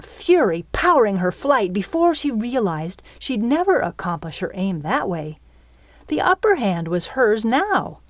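Woman author reading her own audiobook, slow and lively, dry close sound. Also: mid-range voice, no echo. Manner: slow, expressive storytelling. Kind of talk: audiobook narration.

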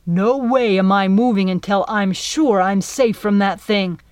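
A woman's voice: medium pitch, a little slow, smooth, no room sound, clean studio sound, close to an everyday voice. A woman doing a stubborn scared girl. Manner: loud whisper.

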